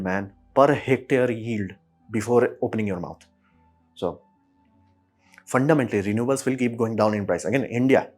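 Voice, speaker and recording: Blunt, ranting male explainer. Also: fairly low pitch. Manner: blunt, ranting, sarcastic, with quick asides. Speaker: host. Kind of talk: casual explainer monologue.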